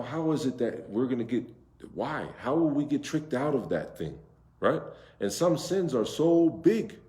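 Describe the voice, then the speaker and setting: A man teaching Quran recitation to a class, drawing out Arabic words slowly and asking his students questions. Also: medium pitch, warm tone. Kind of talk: interactive class lesson. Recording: echoey room.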